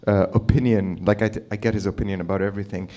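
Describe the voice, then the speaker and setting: A man's voice: on the low side, steady tone, quick pace, warm tone. A man from the Middle East hosting an open mic, doing a brash, rambling stand-up set with swearing, in a small comedy venue on a stage mic. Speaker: comedy host.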